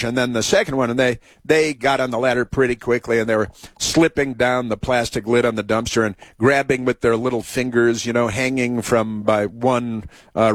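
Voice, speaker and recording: A man's voice: mid-range voice, no room sound. Man, talk show host, meandering storytelling, lots of restarts, dry close sound. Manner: meandering, full of restarts and asides. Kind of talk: rambling storytelling and political commentary.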